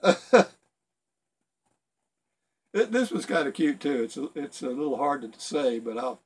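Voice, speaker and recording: Man, middle-aged, video blogger, casual joke reading, raspy, slightly high voice, rambling, laughs at own jokes. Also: very animated, measured pace.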